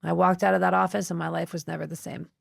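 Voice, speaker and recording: Gravelly-voiced woman telling her story. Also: on the low side, fast, no echo, studio quality. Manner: expressive, acts out other people's voices in her story. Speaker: podcast guest. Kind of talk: emotional personal storytelling. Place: podcast studio.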